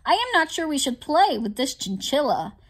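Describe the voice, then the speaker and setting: A high, fussy little sugar glider who frets and boasts, as a woman reads him aloud. He swoops up in pitch when he gets dramatic, easily wounded and quick to brag. Storybook reading. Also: sing-song. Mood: wary. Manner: impatient, boastful, melodramatic.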